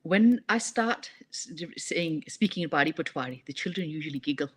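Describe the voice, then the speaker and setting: A woman, a poet and writing teacher, reading her poem and telling animated stories in a radio interview. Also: sits low, a little fast, husky. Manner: animated storytelling, mixes languages.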